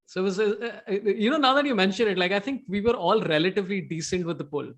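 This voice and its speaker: A man's voice: high voice, fast. A man hosting a casual cricket chat show, talking in a loose, rambling way with many fillers and restarts. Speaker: podcast host.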